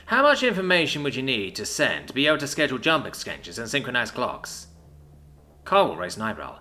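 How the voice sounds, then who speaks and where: Lively, bright-voiced male story narrator. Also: fairly quick. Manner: reads all characters himself, shifting pitch for dialogue. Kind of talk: scripted narration. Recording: soft music behind.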